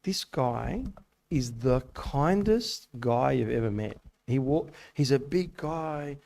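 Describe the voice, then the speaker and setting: A man's voice: mid-range voice, animated, slow, gravelly, darkish tone. A man giving a casual, conversational sermon to a youth group, telling stories and asking rhetorical questions. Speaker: youth meeting speaker. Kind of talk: casual sermon to young people. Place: church hall.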